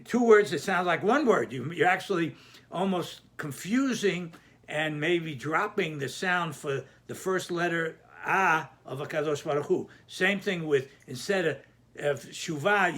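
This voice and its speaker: Guy teaching hebrew verse grammar, kinda high bright voice, lots of restarts. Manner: careful, repeats words and restarts while explaining. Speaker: Torah teacher.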